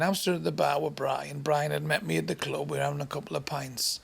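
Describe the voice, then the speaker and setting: Man, English, stand-up comedian, gravelly, husky, slightly high pitch, crude storytelling. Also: steady tone, moderate pace, few pauses, a bit bright. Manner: crude, swearing, acts out voices and sounds.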